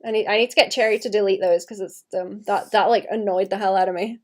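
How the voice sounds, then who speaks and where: Drawing during a live stream, a young Welsh woman with a light accent chats and rambles casually, laughing frequently. Her mid-range voice is a little mellow with fairly even intonation. She talks at a moderate pace with long pauses.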